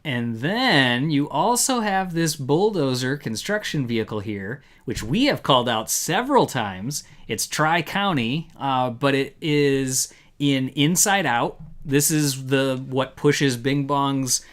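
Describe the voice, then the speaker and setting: A man's voice: mid-range voice, expressive, takes it slowly, hardly any pauses, fairly bright tone. A man hosting a casual live review show, talking in a rambling, upbeat way with many fillers. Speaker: podcast host.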